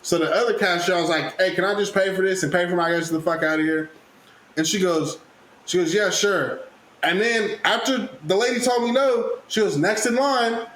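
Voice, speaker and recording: High-voiced man telling a rowdy story. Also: normal speed. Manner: animated, profane, acts out quotes loudly. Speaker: podcast host. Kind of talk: casual storytelling chat. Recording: echoey room with faint noise.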